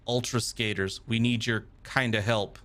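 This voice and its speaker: A man's voice: medium pitch, fairly even intonation, moderate pace, a bit bright. A male streamer playing a text game live, reacting casually and reading the narration aloud.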